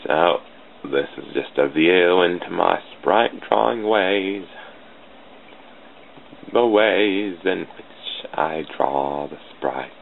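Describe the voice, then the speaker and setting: Man faking a gravelly, very deep voice. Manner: put-on deep, slow, mock-formal voice. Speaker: channel host drawing sprites. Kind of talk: casual drawing commentary. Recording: tinny phone-like lo-fi with faint hiss.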